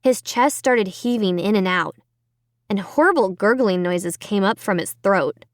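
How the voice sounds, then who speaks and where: Slow, expressive woman audiobook narrator. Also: mid-range voice, dry recording, studio quality. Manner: dramatic, expressive storytelling. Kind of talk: first-person audiobook narration.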